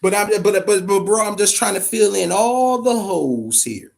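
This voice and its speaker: A man's voice: sits high, animated, normal speed, vocal fry, a little mellow. A man hosting a boxing podcast, talking in a loose, profane, emphatic way and repeating words as he gets going. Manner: addresses chat viewers directly. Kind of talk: casual live-stream commentary.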